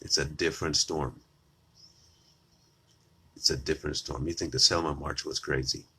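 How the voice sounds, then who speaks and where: Low, husky man ranting to viewers. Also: steady tone, normal speed, sharp tone. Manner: combative, repetitive, addresses viewers directly. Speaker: political commentator. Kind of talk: casual opinion monologue.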